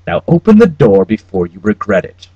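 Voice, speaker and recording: A man voicing a cold, menacing male necromancer with a clipped German accent, speaking slowly and deliberately. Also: lowish voice, big pitch swings, dull audio, noisy background.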